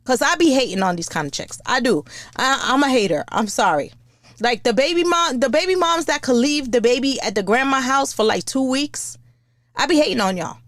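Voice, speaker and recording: A woman hosts her podcast in a blunt, profane, comedic rant. Her fairly high voice swings widely in pitch. The sound is dry and close, with no room echo. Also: a little fast. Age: older. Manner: blunt, profane, lively and animated. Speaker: podcast host.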